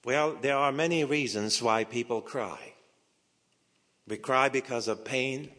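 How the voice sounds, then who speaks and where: A male pastor delivers a dramatic sermon, sinking to hushed whispers and climbing to emphatic peaks, speaking slowly and deliberately with repeated phrases. His pitch is medium, and the recording carries a long hall reverb.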